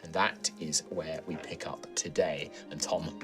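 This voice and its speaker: A man, the game master of a tabletop role-playing show, narrating the story in a relaxed way with frequent ums and uhs. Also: rumbling low, unhurried, over music.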